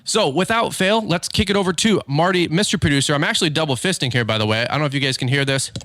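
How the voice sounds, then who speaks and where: A man hosting a business podcast in a chatty, energetic way, telling stories from his garage studio. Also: a little high, quick pace, slight background noise. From Michigan. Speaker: podcast host, lawn business owner. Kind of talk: casual podcast talk.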